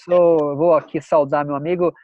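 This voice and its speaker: A man with a Brazilian accent hosting a video call interview, translating his guest between English and Portuguese in a lively, laughing way. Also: on the high side, fast talker, no room sound, highs cut off. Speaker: host and interpreter.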